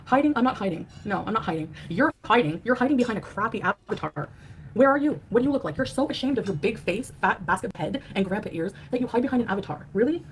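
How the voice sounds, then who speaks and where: A woman's voice: mid-range voice, lively intonation, quick pace, slight background noise. A woman streamer in a heated livestream rant, angry and scornful, trading insults. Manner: angry, name-calling, scornful.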